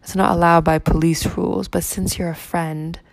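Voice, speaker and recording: Woman doing a gentle steady cop, low gravelly voice, storybook read. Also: moderate pace, no room sound. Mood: calm. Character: calm, kindly male police officer.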